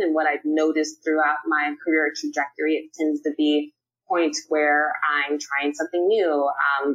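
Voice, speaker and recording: Podcast guest, young woman, low husky voice, upbeat and casual. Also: a bit bright, muffled recording. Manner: upbeat, candid, casual slang. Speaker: podcast guest, nonprofit PR professional. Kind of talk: podcast interview.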